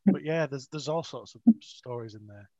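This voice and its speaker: A man's voice: medium pitch, moderate pace, darkish tone, dry recording. A man, an author, telling rambling, self-mocking stories with frequent laughs in a casual interview. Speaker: author, guest. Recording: dry, dull lo-fi audio.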